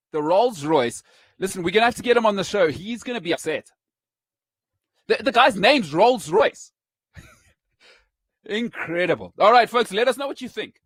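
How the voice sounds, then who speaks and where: A man hosting a sports talk show, teasing his co-host in a playful, animated way. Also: sits high, moderate pace, long pauses, slightly rough, no room sound.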